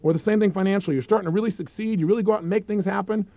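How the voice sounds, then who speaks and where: Energetic man giving an infomercial pitch. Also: racing, no room sound. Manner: energetic, emphatic and persuasive. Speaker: program presenter. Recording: dull, dry lo-fi recording.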